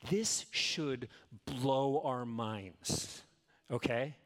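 A middle-aged man, a pastor, preaching a conversational sermon, animated and full of casual asides, swinging from loud exclaims to hushed near-whispers. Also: mid-range voice, drawn-out words. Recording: long hall reverb.

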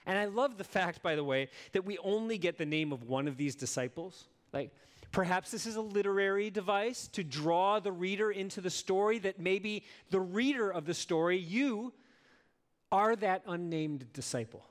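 A man with a fairly high voice delivers a sermon as a pastor. He speaks earnestly and with emphasis, and he often turns to rhetorical questions that invite his listeners to reflect. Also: normal speed.

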